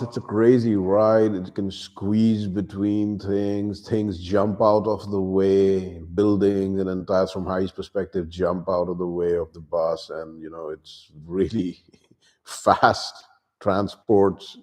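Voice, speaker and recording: A man's voice: low-pitched, level tone, a little slow, darkish tone. A man giving a casual book review, retelling the plot loosely with asides and acting out the characters' lines.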